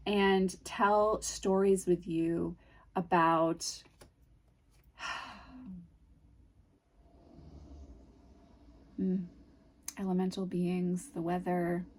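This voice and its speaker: A woman with a New England accent talks through an unboxing in a casual, gushing way. Her voice is breathy and husky, and she drifts into dreamy, soft murmurs between bursts of delight. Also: on the low side. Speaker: tarot video host.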